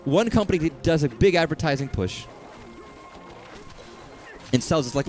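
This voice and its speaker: A man's voice: on the high side, expressive, moderate pace, long pauses, faint music behind. A man from Texas streaming, rambling casually, joking and swearing as he talks.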